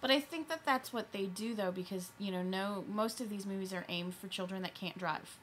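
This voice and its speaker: A woman's voice: mid-range voice, brisk, a little hiss or hum. A woman co-hosting a casual movie review, chatty and thoughtful, with many fillers.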